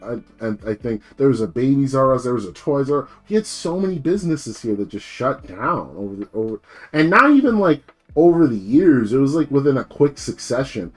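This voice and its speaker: A man's voice: mid-range voice, very animated, fairly quick, faint music behind. Young adult male streamer from New Jersey. Loose, slangy, profane, mid-range voice. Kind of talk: casual live-stream chat.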